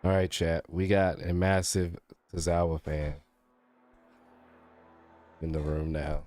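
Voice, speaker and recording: A man's voice: low-pitched, little pitch movement, slow, darkish tone, faint music behind. A man streaming live, chatting casually with his viewers and reacting to a wrestling show, laid-back and chuckling.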